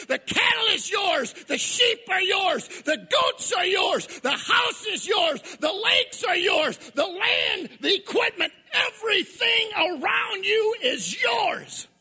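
A man's voice: very high-pitched, heavily acted. A man voicing a stern but loving old father who scolds and pleads with his son. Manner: scolding, pleading, building to shouted preaching.

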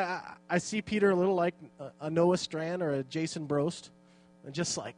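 A man's voice: on the high side, normal speed. A man teaching a Bible passage in a casual, joking and self-deprecating way, reading scripture aloud between his remarks.

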